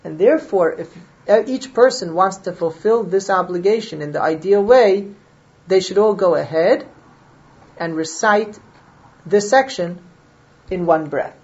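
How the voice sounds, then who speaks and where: A woman with a fairly low voice lectures on Jewish law, working through the logic aloud and pausing to check that her listeners follow. The recording is dull and lo-fi.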